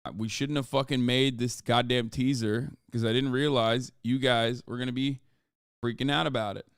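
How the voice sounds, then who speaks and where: Profane, exasperated male streamer, smooth voice. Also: mid-range voice, fairly even intonation, moderate pace, no room sound, studio quality. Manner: profane, exasperated, reads chat comments aloud. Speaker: livestreamer selling merch. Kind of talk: casual livestream chat.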